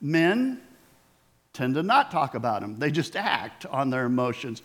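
A man's voice: mid-range voice, sing-song, unhurried, fairly bright tone. A middle-aged man preaching a sermon in a conversational way, asking the congregation questions and acting out quoted voices. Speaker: pastor.

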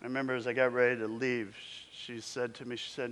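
Bright-voiced man in his fifties preaching. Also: mid-range voice, flat delivery, quick pace. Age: 50s. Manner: conversational, reflective storyteller. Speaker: pastor. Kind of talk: storytelling sermon. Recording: long echoing reverb.

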